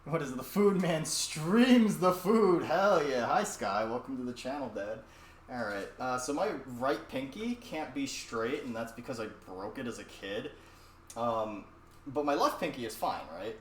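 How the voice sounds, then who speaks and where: A man's voice: mid-range voice, animated, normal speed, a bit bright. A young man streaming while he cooks in his home kitchen, chatting casually in a rambling, profane way, picked up by a distant mic. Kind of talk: casual cooking stream chat. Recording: echoey room, distant mic, faint noise.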